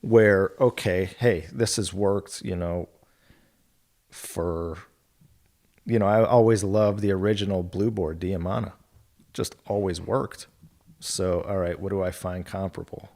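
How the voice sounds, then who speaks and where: A middle-aged man with a fairly low voice telling casual golf-course stories on a podcast. He rambles from one anecdote to the next, quoting people along the way and laughing. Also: steady tone, unhurried, a little mellow. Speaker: golf club territory manager guest.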